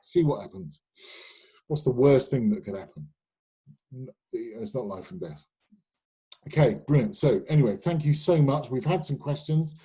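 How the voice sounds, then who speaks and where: A man in middle age, from the UK, talks a live webinar audience through his sales ideas. His voice is dark and a little husky, and he is chatty and anecdotal, full of fillers and restarts. He speaks into a webinar microphone. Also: mid-range voice, lively intonation, normal speed, pauses often, low-quality recording. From United Kingdom. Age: middle-aged or older. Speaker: sales trainer hosting a webinar.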